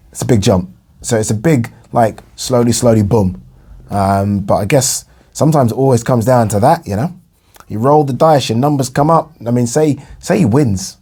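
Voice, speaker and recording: A young adult Englishman, a boxing vlogger, gives casual solo commentary on boxing news. His medium-pitched voice is mellow and slightly rough, and his talk meanders with plenty of fillers and repeated phrases.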